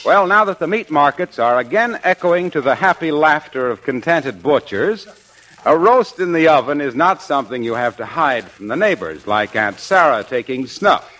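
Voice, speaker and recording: A man announcing on old-time radio in a folksy, persuasive salesman's manner. His pitch rises and falls in a lively way, sitting a little high. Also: moderate pace, a little hiss or hum. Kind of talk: scripted radio advertising read.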